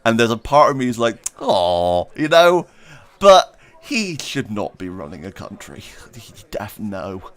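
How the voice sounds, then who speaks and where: Lively low-voiced man streaming. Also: a little slow, dry recording. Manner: rambling, self-deprecating, laughs often; reads chat questions aloud while playing. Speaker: streamer answering viewer questions. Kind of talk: casual livestream chat.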